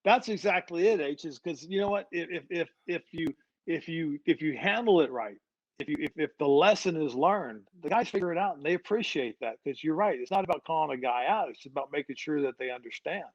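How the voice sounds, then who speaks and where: A man's voice: a little high, brisk, no room sound, highs cut off. A middle-aged man, a football head coach guesting on a podcast, telling stories in a chatty way and often repeating his opening words. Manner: repeats words when starting sentences, animated when telling stories. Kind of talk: conversational storytelling.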